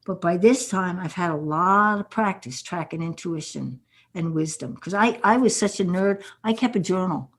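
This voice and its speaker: A woman's voice: lowish voice, normal speed. An older woman, a guest author on a podcast interview, telling earnest stories with quoted dialogue.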